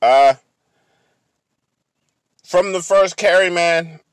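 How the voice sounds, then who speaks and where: A man hosting a podcast, talking slowly and repeating his catchphrase. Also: sits high, clear, resonant tone, no room sound. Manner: slow, repetitive catchphrase delivery. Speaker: podcast host. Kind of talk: casual podcast talk.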